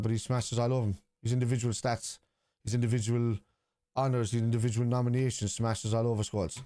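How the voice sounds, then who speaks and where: A man's voice: medium pitch, dark tone, dry recording, clean studio sound. A man hosting a live football watchalong from his computer at home, arguing with chat, swearing bluntly, and reading stats aloud. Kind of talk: live-stream chat, answering viewers.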